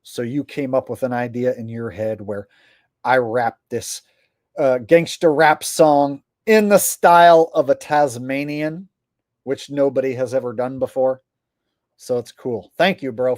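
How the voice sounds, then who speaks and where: A male YouTube streamer chatting casually with his viewers in a slow, rambling way, stopping often on "uh" fillers. His voice is recorded dry and close, with no room sound. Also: mid-range voice, a little mellow, no echo.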